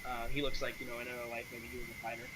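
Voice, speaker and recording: A man narrating a tabletop game as game master in a relaxed way, with frequent ums and uhs. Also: mid-range voice, rapid-fire, noisy background. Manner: relaxed, many fillers.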